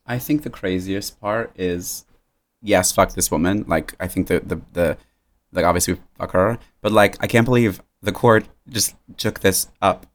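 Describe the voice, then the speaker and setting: A man's voice: sits low, moderate pace. A man co-hosting a casual podcast, heated and swearing, tripping over his own restarts. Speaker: podcast co-host.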